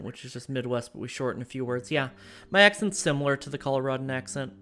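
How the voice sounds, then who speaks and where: A woman's voice: rumbling low, fast, fairly bright tone, faint music behind. An American woman streamer with a General American accent, chatting casually and thinking aloud while she plays a strategy game. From United States. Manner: thoughtful and digressive, thinking aloud.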